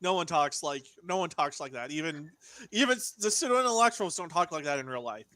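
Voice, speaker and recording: A young man co-hosting a podcast, chatting casually in an excitable way, swearing freely. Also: a little high, brisk, dry recording. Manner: excitable, swears, big laughs. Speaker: podcast co-host. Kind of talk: casual chat.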